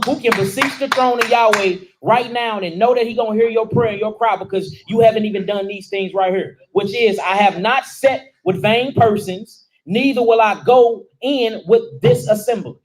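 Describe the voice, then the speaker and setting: A high-pitched man preaching with rising force, firing questions at the room. He talks in a casual, everyday dialect as he breaks down scripture line by line. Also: low-quality recording. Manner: calls out questions and answers to the room; informal dialect speech. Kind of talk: sermon teaching.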